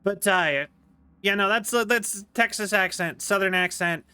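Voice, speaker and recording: A man's voice: high voice, measured pace, sharp tone, clean tone. A man with a General American accent, chatting casually and rambling on a live stream from home. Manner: rambling, chatty, full of fillers and restarts. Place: home, indoors.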